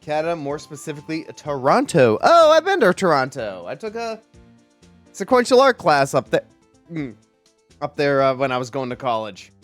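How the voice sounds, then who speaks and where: A man's voice: a little high, wildly swooping pitch, moderate pace, soft background music. A man streaming a video game, chatting casually with a rambling, joking manner. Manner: rambling, joking, frequent restarts. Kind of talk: casual gameplay commentary.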